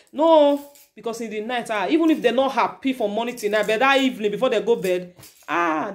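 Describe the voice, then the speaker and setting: A woman with a Nigerian accent, a mother and vlogger, giving earnest advice to her viewers in casual talk, switching between Pidgin and English. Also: on the high side.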